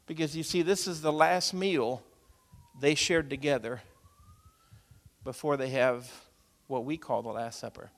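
A male pastor preaching a sermon, moving from quiet storytelling to loud, urgent exhortation. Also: mid-range voice, a little slow. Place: church sanctuary. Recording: long hall reverb.

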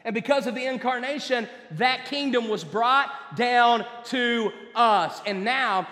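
High-voiced preacher in an echoey hall. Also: male voice, a little slow, bright, forceful tone. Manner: emphatic, with repeated words and rising and falling delivery. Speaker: pastor. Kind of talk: sermon. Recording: echoey hall with long reverb.

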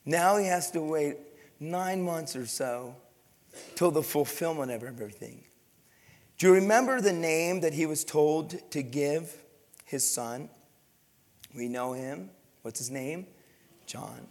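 A man's voice: fairly high pitch, expressive, slow pace, long pauses, a little mellow, long reverb tail. A man preaching a sermon as a pastor, his voice rising and falling for emphasis as he acts out scripture figures.

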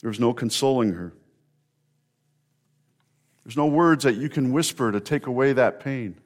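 During an Easter sermon, a middle-aged pastor speaks earnestly at an ordinary pitch with lively intonation. He pauses between phrases and builds emphasis as the story unfolds.

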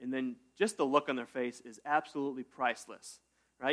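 A man preaching a casual sermon in a church, talking to his congregation like friends. He jokes often and breaks into sudden loud bursts before settling back down. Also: medium pitch, fairly even intonation, fairly quick. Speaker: pastor. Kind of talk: conversational sermon.

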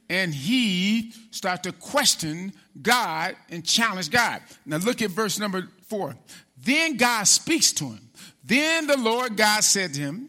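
A man preaching with a high, lively voice that leaps up and down as he drives his points home. His tone is sharp and piercing, and he calls out to the congregation for answers, slipping into the voices of the figures he quotes. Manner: animated preaching with call-and-response; acts out biblical figures in quoted speech. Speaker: pastor. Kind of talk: sermon.

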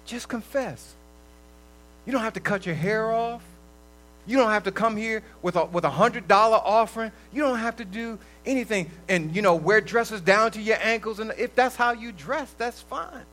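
A man preaching a conversational sermon to a room and an online audience, swinging between loud bursts and soft drops. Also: sits high, normal speed, rough recording. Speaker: lay preacher. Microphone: livestream recording.

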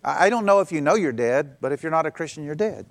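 A man's voice: a little high, lively intonation, fast. A middle-aged male pastor preaching a sermon in a conversational way, acting out quoted voices in passing.

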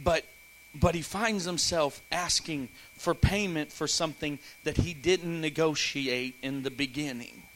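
High bright-voiced preaching man. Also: a little slow, slight background noise, low-quality recording. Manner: animated preaching, playful asides, acts out voices. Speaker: pastor. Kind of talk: sermon. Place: church.

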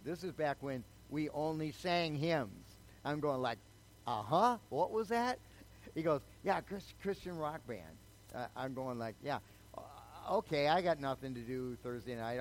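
A little hiss or hum runs under this poor-quality clip of an older man with a medium-pitched voice. He tells his personal story in a conversational sermon, frequently checking in with the listeners by saying "okay?"

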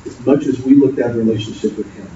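A man's voice: mid-range voice, fast talker, warm tone. A man preaching a sermon, earnest and storytelling, often repeating himself. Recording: distant, dull, noisy echoey hall.

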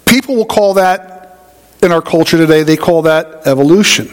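A man's voice: fairly high pitch, moderate pace, in a large hall. A man preaching a sermon in a conversational, folksy way, telling homey stories. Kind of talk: sermon teaching.

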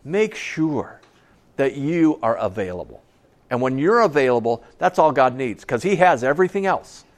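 Middle-aged male pastor, emphatic sermon delivery, repeats key lines, mid-pitched voice, folksy asides. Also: big pitch swings, normal speed. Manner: conversational storytelling asides.

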